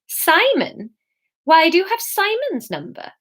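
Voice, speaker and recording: A woman's voice: very high voice, wildly swooping pitch, measured pace, fairly bright tone, voice pushed up, heavily acted. A woman voicing a concerned, eager young woman who works in a shop.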